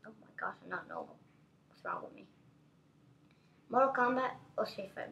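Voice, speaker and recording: A woman giving excitable, chatty gameplay commentary as a gaming channel host, constantly exclaiming at what happens on screen. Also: fairly high pitch, normal speed, creaky, long pauses, a little hiss or hum.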